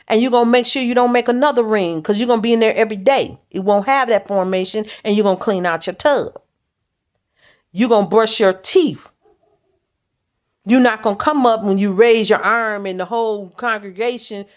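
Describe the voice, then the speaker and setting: A woman church leader preaching informally in a blunt, direct, plain-spoken way. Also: medium pitch.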